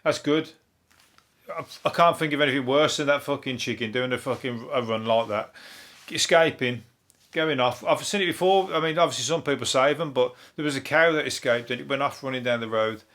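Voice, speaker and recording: Speaking a little fast in a mid-range, fairly bright voice, a comedian hosts his casual solo podcast with a Birmingham accent, being from Birmingham, England. He rambles loosely, swears frequently and keeps chuckling to himself.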